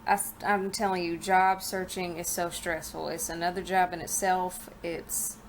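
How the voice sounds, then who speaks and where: A young woman in a home vlog with a somewhat low voice, talking freely and venting with frank asides, her words a little mushy from a retainer. There is a faint hiss of background noise, as from a camera mic in a living room. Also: flat delivery, moderate pace. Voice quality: slightly slurred speech from a retainer. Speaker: vlogger. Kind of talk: casual chat vlog.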